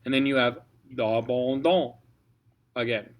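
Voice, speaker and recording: A man's voice: medium pitch, steady tone, unhurried. A man coaching a choir on French diction, patiently spelling out letters and modeling each sound. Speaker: choir director. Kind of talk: French diction lesson for singers.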